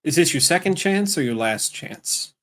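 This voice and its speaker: A man's voice: a little high, lively intonation, normal speed. A man playing a tabletop role-playing game, speaking in character with dry, exasperated sarcasm. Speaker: player.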